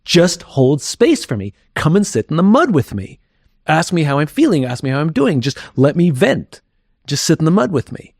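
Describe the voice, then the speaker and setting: A man's voice: on the high side, big pitch swings, normal speed, creaky, no echo, clean studio sound. A man talking candidly as an interview guest, reflective and thinking aloud as he goes.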